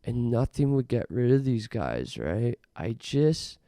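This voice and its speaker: A young man hosting a podcast, rambling through an absurd comic monologue in a deadpan way with mock rants. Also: medium pitch, measured pace, gravelly, no echo, clean studio sound. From Canada. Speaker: podcast host.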